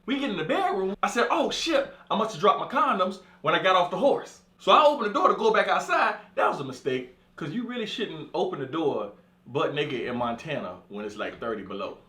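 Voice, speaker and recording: A man's voice: high voice, fairly quick, reverberant. A man telling a profane comic story as a monologue, acting out the people in it. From California. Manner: animated, profane, acts out voices. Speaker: comedian storyteller.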